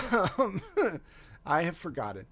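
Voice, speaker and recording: Slow-talking man running a tabletop game. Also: fairly high pitch. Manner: relaxed and joking, with frequent fillers and laughs. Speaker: game master. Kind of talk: narrating a tabletop horror game.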